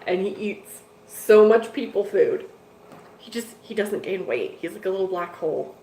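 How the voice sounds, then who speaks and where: A woman's voice: mid-range voice, moderate pace, dark tone. A woman hosting a casual fish-keeping live stream from a home room full of tanks, rambling along to her viewers with plenty of "like" and "dude". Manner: rambling and chatty, with lots of "like" and "dude". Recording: echoey room with faint noise.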